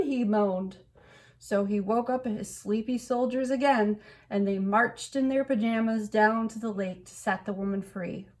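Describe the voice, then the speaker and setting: A woman reading a children's picture book aloud in an expressive storytelling way. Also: mid-range voice, measured pace. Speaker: storybook reader.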